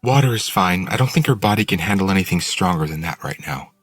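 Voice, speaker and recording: A man's voice: low-pitched, lively intonation, fast, faint music behind, voice pushed up. A man reading an audiobook and voicing a blunt, curious woman who possesses another's body, lifting his voice to play her. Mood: musing.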